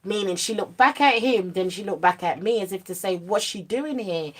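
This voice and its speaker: A young woman telling a personal story to camera, in an animated, slang-heavy way that goes quiet at the serious parts. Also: medium pitch, brisk. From United Kingdom. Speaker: vlogger. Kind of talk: storytime monologue.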